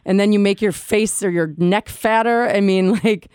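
A woman co-hosting a casual radio interview, reacting and firing quick questions. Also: mid-range voice, steady tone, darkish tone, clean tone, no echo, clean studio sound. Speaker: radio co-host.

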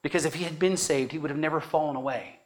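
A man's voice: on the high side, fast. A man preaching a teaching sermon, earnest and emphatic, stressing key words and checking in with "right?".

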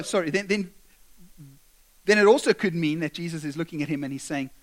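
A man preaching a sermon, lively and animated, acting out quotes from scripture and from his listeners. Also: a little high. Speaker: pastor.

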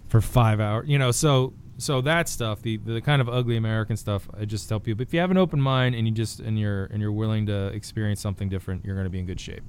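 A man's voice: on the low side, fast talker, few pauses, slight background noise. A man talking as a guest author in a casual podcast chat, joking and rambling with restarts.

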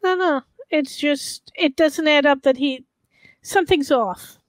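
Female player, high voice, slow measured delivery, dry close sound. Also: dry recording. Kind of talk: tabletop game chat.

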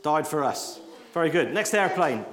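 A man leading a lively all-age church talk with props, coaxing children along and joking at his own expense. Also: on the high side, moderate pace. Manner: jokey, self-deprecating, coaxing children. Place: large church hall. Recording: echoey church hall with congregation.

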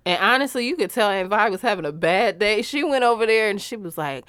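A woman's voice: mid-range voice, expressive, a little fast, fairly bright tone, smooth, no room sound, clean studio sound. A woman co-hosting a podcast, talking candidly and animatedly with casual profanity. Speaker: podcast co-host. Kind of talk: casual chat.

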